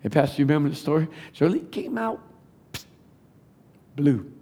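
A man tells his testimony from the pulpit. His voice sits fairly high and swells toward fervent, shouted preaching. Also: big pitch swings, normal speed. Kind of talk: testimony sermon.

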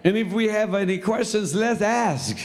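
A man's voice: high-pitched, animated, moderate pace. A man teaching a Sunday school class, telling a story in a loose, conversational preaching style with asides to the class.

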